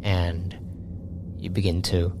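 A man narrating a tabletop game as game master, halting with many restarts. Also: deep voice, level tone, background noise.

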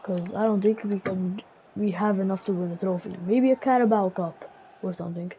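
A woman's voice: mid-range voice, fairly even intonation, fairly quick. A woman giving play-by-play commentary on her own football video game match, critical of herself and muttering between the calls. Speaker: gaming channel host. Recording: dull lo-fi recording, faint hiss.

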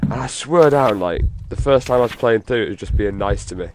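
A man talks through a horror game in a loose, rambling let's-play style, full of swearing and offhand asides. His voice sits a little low. A steady hum of background noise runs under the recording. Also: fairly quick. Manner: casual, profane, rambling. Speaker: gaming video host.

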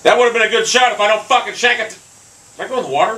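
A man giving angry gameplay commentary, swearing constantly and yelling at the game. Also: sits high, very fast, slight background noise, poor audio. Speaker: gaming commentator.

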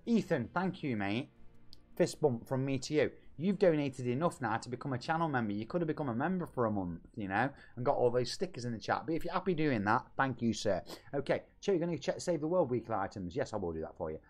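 Excitable British man hyping his stream. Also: mid-range voice, quick pace. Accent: British English. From England. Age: 40s. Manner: excitable, hype shout-outs and banter with chat. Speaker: game streamer. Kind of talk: lively live-stream chat. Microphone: home streaming microphone.

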